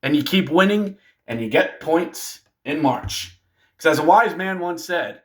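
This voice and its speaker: Animated man recapping hockey, slightly high. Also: a little slow. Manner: animated, joking, talks straight to fans. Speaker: hockey fan video host. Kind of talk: casual game recap commentary.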